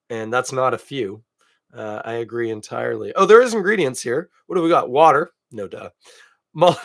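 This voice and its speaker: A man's voice: mid-range voice, no echo, clean studio sound. A man from Canada hosting a beer podcast alone, chatting casually and thinking aloud with self-deprecating asides. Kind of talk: casual solo tasting chat.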